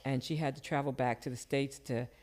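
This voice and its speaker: An older woman telling personal stories in casual conversation, her voice jumping up whenever she quotes someone. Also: a little fast. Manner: animated, jumps high when quoting people. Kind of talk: casual storytelling.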